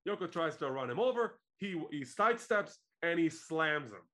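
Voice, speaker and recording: A man from Israel co-hosting a podcast, retelling a wrestling event in a lively, joking casual chat. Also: fairly high pitch, moderate pace. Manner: animated storytelling, laughs often. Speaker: podcast co-host.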